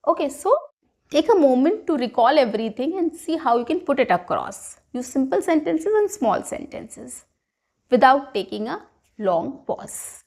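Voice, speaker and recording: Woman, slightly high voice, chatty lesson coach addressing viewers directly. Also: animated, moderate pace, darkish tone. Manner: chatty, repeats "right?" and "guys", coaching tone. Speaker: English teacher. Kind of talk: spoken English lesson to camera.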